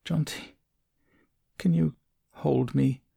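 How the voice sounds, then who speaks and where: A man voicing a frightened, shivering man who speaks softly and faintly, like a sick child. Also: fairly high pitch, steady tone, takes it slowly, creaky, slightly rough, voice pushed up, exaggerated voice. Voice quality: soft, faint and trembling.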